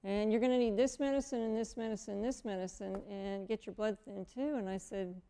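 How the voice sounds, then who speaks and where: Gravelly-voiced woman telling her story. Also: mid-range voice, fairly quick. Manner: animated, acts out quoted dialogue. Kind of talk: personal testimony storytelling.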